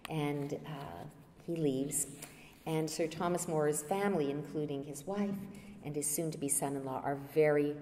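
A woman guest lecturer retelling a story at an unhurried pace, pausing on fillers as she goes. Her voice is low-set and mellow, and it rings with the long reverb of a lecture hall. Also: slight background noise. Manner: storytelling, retelling a play scene with hesitant fillers. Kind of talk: public lecture.

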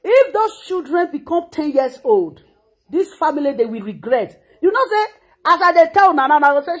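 A woman's voice: sits high, very animated, moderate pace. A Nigerian woman in her thirties with a Nigerian Pidgin accent, scolding in an impassioned reaction monologue and often repeating words. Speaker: social media commentator.

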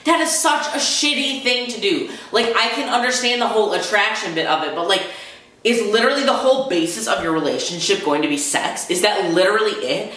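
A young man in a heated, swearing vlog rant, talking fast and full of anger. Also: high-pitched, sharp tone. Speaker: vlogger. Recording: very echoey room.

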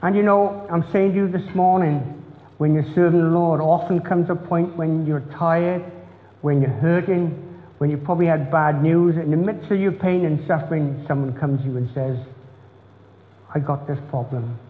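Brief: a middle-aged man preaching earnestly, fairly high voice, roomy church echo. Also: normal speed. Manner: earnest, repetitive, preacherly cadence. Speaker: pastor. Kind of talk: sermon. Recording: tinny phone-like sound in echoey church hall.

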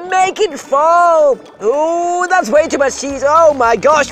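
High, lively gaming host with faint music. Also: measured pace. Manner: excitable, rambling, with sudden shouts and jokey squeaks. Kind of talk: playful let's-play commentary.

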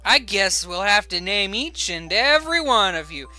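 Lively, bright-voiced man streaming a game. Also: high voice, normal speed, faint music behind. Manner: playful, reads story text aloud with jokey asides.

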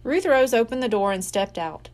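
A woman reading a children's mystery book aloud, slowly and expressively. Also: on the high side, animated. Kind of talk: read-aloud storybook narration.

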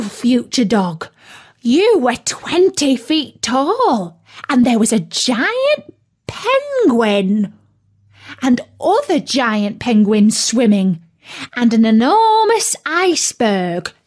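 A woman voicing a flustered, squawking male turkey in a storybook. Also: exaggerated voice. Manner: squawky, bewildered, high-pitched. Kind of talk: storybook reading.

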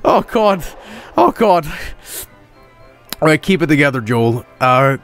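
A man commentating his own game stream in a high, sing-song voice that leaps up and down. He speaks at an unhurried pace but with constant giddy energy, laughing and swearing as he goes. Faint music plays underneath. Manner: excitable, frequent laughter and swearing.

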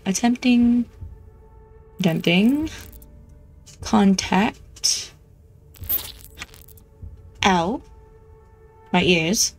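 A woman chatting playfully as she plays a video game, easily excited. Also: medium pitch, measured pace, pauses often, faint music behind. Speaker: gameplay streamer. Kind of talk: casual gameplay commentary.

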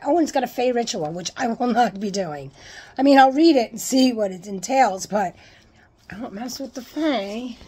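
A woman with a slightly high voice talks casually to her camera at home, gushing and excitable as she pulls things from a box. She swears freely and breaks into loud delight. A faint hiss sits under the recording. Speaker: unboxing vlogger. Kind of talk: casual unboxing chat.

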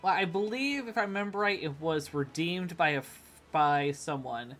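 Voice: mid-range voice, normal speed, a bit bright, faint music behind. A friend on a game stream, explaining things in a rambling, hesitant way with lots of fillers. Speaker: friend and co-player. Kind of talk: casual gaming chat.

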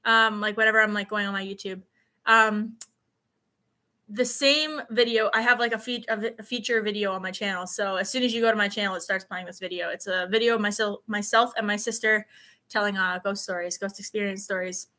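Bright-voiced chatty young woman. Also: mid-range voice, steady tone, a little fast. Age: 20s. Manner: chatty, rambling storyteller with many fillers. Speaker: vlogger. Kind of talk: casual live stream chat.

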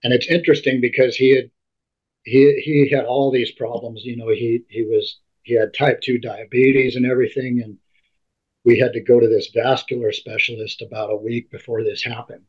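A man being interviewed, telling a personal story in halting speech that often repeats and restarts words. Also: mid-range voice, little pitch movement, slightly rough. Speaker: interview guest. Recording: dull lo-fi recording.

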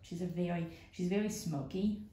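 A woman's voice: fairly low pitch, moderate pace, warm tone. A woman breeder chatting casually about her kittens indoors, cooing and trailing off as she forgets names. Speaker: cat breeder. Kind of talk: casual vlog chat. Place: indoor room at home cattery. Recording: roomy echo, faint noise.

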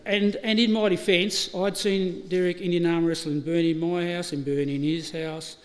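A man's voice: high-pitched, fairly even intonation, normal speed. Australian man telling stories in a hall. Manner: anecdotal, laughing, acts out dialogue. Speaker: eulogy speaker. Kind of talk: eulogy with funny stories. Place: funeral service hall. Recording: reverberant hall, faint ambient noise.

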